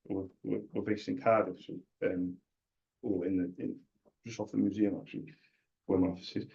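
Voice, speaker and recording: A man's voice: on the low side, level tone, moderate pace, creaky, breathy edge, lo-fi sound. A man making a friendly cold sales call, chatty and jokey, making fun of himself. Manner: chatty, jokey and self-deprecating.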